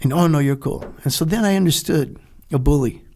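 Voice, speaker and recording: An older man, a retired Navy veteran, telling a lively story in a podcast interview, acting out the dialogue and laughing often. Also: fairly high pitch, brisk. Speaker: guest, retired Navy SEAL.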